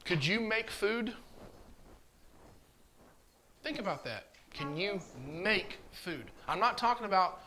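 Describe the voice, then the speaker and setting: Man, church class teacher, animated and coaxing, slight noise behind. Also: high-pitched, takes it slowly, pauses often. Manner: coaxing, asks questions over and over. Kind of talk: children's catechism class.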